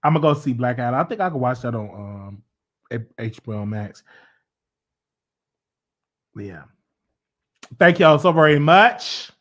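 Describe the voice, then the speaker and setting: A man hosting a casual livestream chat, teasing his viewers in an animated, repetitive, slangy way. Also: medium pitch, unhurried, pauses often. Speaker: host.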